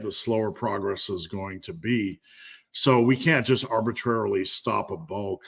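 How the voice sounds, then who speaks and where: A man's voice: lowish voice, a bit bright. A man hosting a live stream Q&A as a strength coach, talking candidly and bluntly with lots of fillers.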